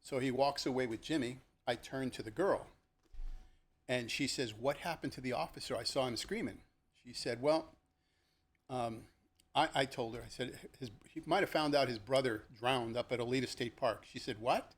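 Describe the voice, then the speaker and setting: An older man, a retired police lieutenant, recounts his cases in a relaxed, conversational way, full of fillers and restarts. His voice sits at an ordinary, middle pitch, and he animatedly acts out the voices of the people in his stories. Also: normal speed. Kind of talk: podcast storytelling.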